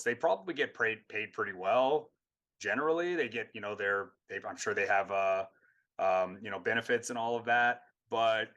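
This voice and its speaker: A man's voice: mid-range voice, pushed and bright. A man, a guest on a talk show, speaking in casual conversation, searching for words and often restarting his sentences.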